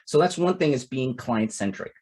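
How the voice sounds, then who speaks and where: Man, 40s, from Toronto, Canada. Husky voice, conversational coaching delivery, leans on "it's like" and "right?". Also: medium pitch, expressive, normal speed, darkish tone. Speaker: capital-raising coach. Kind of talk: casual instructional talk with anecdotes.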